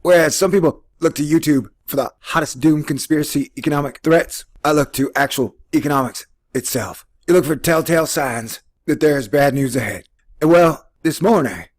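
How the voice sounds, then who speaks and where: A man hosting a casual commentary video, joking sarcastically with sudden animated outbursts. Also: a little high.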